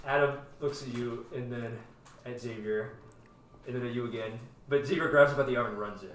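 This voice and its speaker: A man narrating as game master of a tabletop game, talking casually with many fillers and lively asides. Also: mid-range voice, brisk, roomy sound, recorded from a distance, slight background noise. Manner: animated, lots of "like" fillers, jumps into character voices.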